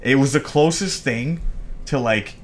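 A man's voice: mid-range voice, a little slow. A man chatting casually on a podcast, laughing as he tells a story. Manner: laughs while telling stories. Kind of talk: casual chat.

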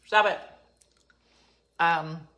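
Low-voiced woman chatting live from home. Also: fairly even intonation, drawn-out words, pushed and bright. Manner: chatty, storytelling, exasperated asides. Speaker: livestream host. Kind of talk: casual live chat with viewers. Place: her home, being renovated. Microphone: phone.

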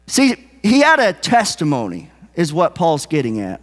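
A man's voice: on the high side, huge pitch swings, moderate pace, few pauses. A man preaching a sermon in an earnest, conversational way, in a church sanctuary. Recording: long hall reverb.

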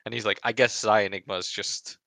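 A man telling a story about a tournament in casual podcast chat, animated and full of swearing. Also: on the low side, a little fast, vocal fry, no room sound. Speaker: pro esports player recounting a tournament.

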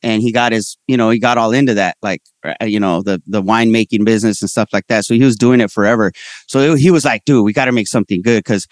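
A man with a lowish voice appears as a comedian guest in a casual interview, talking fast in slangy, animated speech. He tells stories and voices the people he quotes, with studio-quality sound and no room noise.

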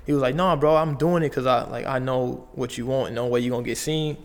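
A man's voice: medium pitch, steady tone, fast talker, big-room sound. A young man from Las Vegas, a basketball player telling his story in loose, slangy casual talk full of fillers and restarts. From Las Vegas, USA.

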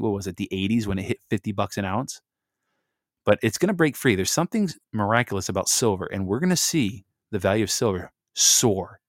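A middle-aged man from Michigan, reading documents aloud slowly with emphasis and breaking into casual chatty asides as a host. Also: on the low side, no echo, clean studio sound. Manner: reads slowly with emphasis, then chats in asides.

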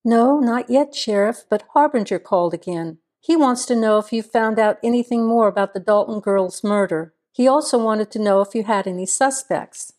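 A woman reading the part of a police station dispatcher, a woman who speaks flatly and matter-of-factly, in an audiobook. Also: mid-range voice, normal speed, few pauses, natural voice. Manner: flat, matter-of-fact.

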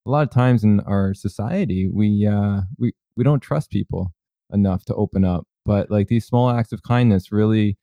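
A man co-hosting an interview, responding supportively with halting restarts. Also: lowish voice, creaky, dark tone, no echo. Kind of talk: casual interview chat.

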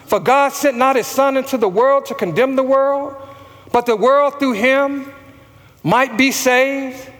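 A man's voice: very high-pitched, measured pace, fairly bright tone, in a large hall. A man preaching a sermon as pastor, calling out questions for the congregation to answer back. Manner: preaching with call-and-response to the congregation.

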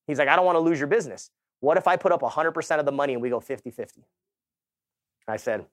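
A man's voice: a little high, fast, no room sound, clean studio sound. A middle-aged man giving a motivational conference talk, telling his story casually with quoted dialogue and asides to the audience. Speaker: keynote speaker. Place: conference stage.

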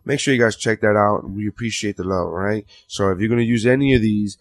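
A man's voice: lowish voice, fast talker. A man hosting a podcast, reading sponsor plugs casually with lots of fillers. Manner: loose, filler-heavy, rambling plugs. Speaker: podcast host. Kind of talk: casual chat.

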